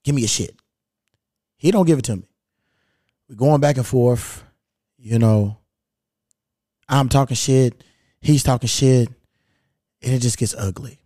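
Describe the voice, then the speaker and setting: A man hosting his podcast alone, telling a story in a laid-back, profane, animated way. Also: mid-range voice, a little slow, long pauses, no room sound, clean studio sound. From Louisville, Kentucky. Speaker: podcast host. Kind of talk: casual solo storytelling. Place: at home.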